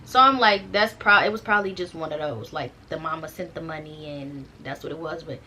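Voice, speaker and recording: A woman's voice: low-pitched, brisk, sharp tone, slight background noise. A young woman casually telling a personal story straight to her viewers, chatty and slangy, often turning to the audience to check they follow. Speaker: storytime vlogger.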